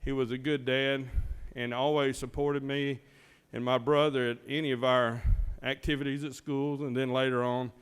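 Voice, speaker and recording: Heartfelt man senator, smooth voice. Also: mid-range voice, flat delivery, normal speed. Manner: heartfelt, tender. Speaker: state senator. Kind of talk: floor speech. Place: legislative chamber.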